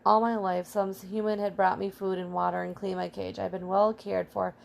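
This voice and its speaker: A woman's voice: mid-range voice, moderate pace, vocal fry, slight background noise. A woman reading as a small brave male pet hamster, telling his adventure in first person. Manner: earnest, excitable first-person storytelling.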